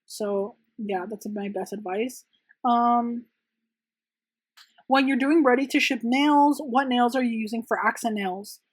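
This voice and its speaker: A young woman talks through viewer questions in a loose, rambling vlog manner, full of "like" and "um" fillers. Her voice sits a little high for a woman. The sound is dry, with almost no room echo. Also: measured pace, husky. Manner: casual and rambling, many "like" and "um" fillers. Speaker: press-on nail artist and channel host. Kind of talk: chatty Q&A vlog.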